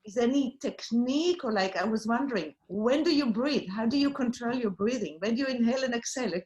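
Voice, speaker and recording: Hesitant woman asking a question, fairly high. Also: brisk, a little mellow, muffled recording. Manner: hesitant, searching for words. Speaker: student. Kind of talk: asking a question over a video call.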